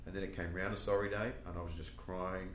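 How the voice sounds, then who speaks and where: A man's voice: deep voice, quick pace. Brief: Australian man, stand-up comic on a podcast, profane storyteller, in a roomy, echoey room with faint hum. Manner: swears freely, animated when telling stories. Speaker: comedian guest.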